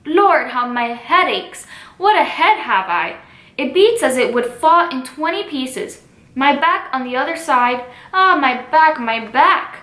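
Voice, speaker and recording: A grumbling, dawdling old woman servant, read aloud by a woman with a high, bright voice. She complains at a slow, reading-aloud pace, with little put-on change. Her voice has a roomy echo. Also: expressive, full character voice. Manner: read aloud from the script, mostly plain.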